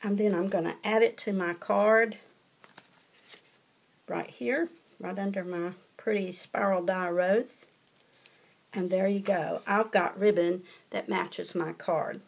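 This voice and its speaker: A woman's voice: mid-range voice, fairly even intonation, slow, gravelly, breathy edge. A woman with a Southern US accent hosting a casual craft tutorial, chatty, folksy and encouraging as she demonstrates.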